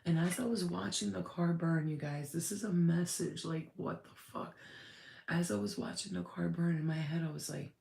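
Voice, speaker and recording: A woman's voice: sits low, steady tone, brisk, gravelly, darkish tone, reverberant. A woman giving a casual channeled spirit reading, rambling and blunt, swearing freely.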